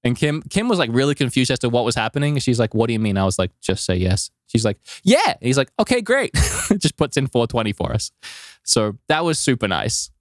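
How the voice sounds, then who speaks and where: A man co-hosting a podcast, telling a travel story in a rambling, animated way with lots of filler words. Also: mid-range voice, a little fast, no room sound, studio quality. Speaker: podcast co-host. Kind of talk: casual storytelling chat.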